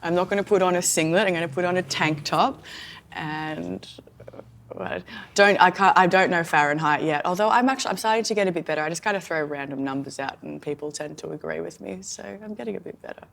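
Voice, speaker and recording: Aussie woman cohosting a podcast, voice a bit hoarse, lowish, chatty and laughing. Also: fast, fairly bright tone. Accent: Australian. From Australia. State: hoarse, recovering from illness. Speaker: podcast co-host. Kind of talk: casual chat.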